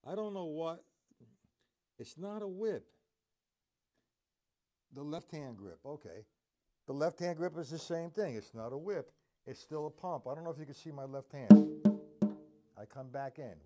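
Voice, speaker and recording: A man's voice: fairly high pitch, expressive, unhurried, long pauses, mellow, faint music behind. A man teaching a live drum lesson, rambling between points and counting beats aloud as he plays.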